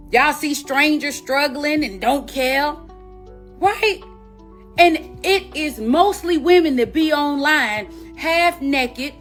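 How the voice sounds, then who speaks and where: Sassy high-voiced woman commentator. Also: a bit bright. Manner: sassy, questioning. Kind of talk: casual commentary.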